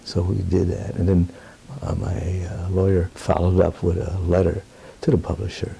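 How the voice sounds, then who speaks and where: A man's voice: low-pitched, flat delivery, moderate pace, vocal fry, mellow, slightly rough. An older man being interviewed, telling a personal story in an earnest, plainspoken way with rambling asides. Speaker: interviewee, Roma advocate.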